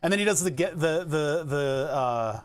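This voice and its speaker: A man with a slightly raised pitch chats casually on a live stream. He thinks aloud, rambles from idea to idea and laughs often. He keeps talking while he pedals an exercise bike. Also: animated, moderate pace. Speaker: Twitch streamer.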